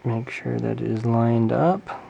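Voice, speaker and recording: A man's voice: medium pitch, measured pace, vocal fry, dark tone, lo-fi sound. A man hosting a casual hands-on craft tutorial at home, chatting and correcting himself with jokey asides as he works. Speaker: tutorial host.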